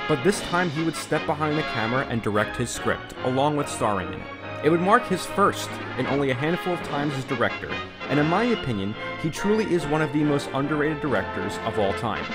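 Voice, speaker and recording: A man's voice: fairly high pitch, big pitch swings, brisk. Earnest man narrating a video essay. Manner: earnest, opinionated. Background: background music.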